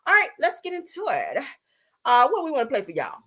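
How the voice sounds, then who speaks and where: A woman hosting a live stream, chatting casually and loudly, laughing often and throwing slangy asides to her viewers. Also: high voice, brisk. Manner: loud, laughing, animated gossip with slangy asides.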